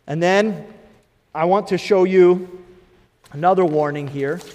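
A man in his thirties preaching a sermon as pastor, swinging between emphatic bursts and quieter asides. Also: high voice, measured pace. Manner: preaching with rising emphatic bursts and acted inner voices. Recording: long hall reverb.

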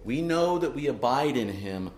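A man's voice: mid-range voice, lively intonation, moderate pace, a little mellow, reverberant, a little hiss or hum. A man delivering a sermon as pastor, earnest and preaching, often tossing in rhetorical "right?" asides to the congregation.

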